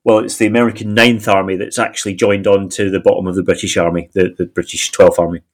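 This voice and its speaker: A man's voice: low voice, little pitch movement, fast talker. A man co-hosting a history podcast, bantering with jokes and reading old newsletter pieces aloud. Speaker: podcast co-host.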